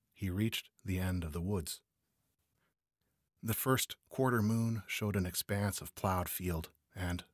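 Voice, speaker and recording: A man narrating a noir crime story as an audiobook reader, measured and steady. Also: low voice, breathy edge, no room sound, studio quality.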